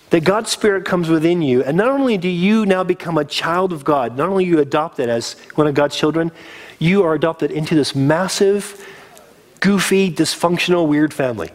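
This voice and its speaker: A man's voice: a little high, brisk. A man preaching a sermon as a pastor, earnest and conversational, getting teary.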